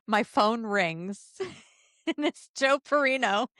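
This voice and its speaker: Woman podcast cohost in her 30s telling a wild story, lively up-and-down voice, dry close mic. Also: fairly high pitch, dry recording. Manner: fast, animated storyteller who acts out quotes. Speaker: podcast co-host. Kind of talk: casual chat, animated storytelling.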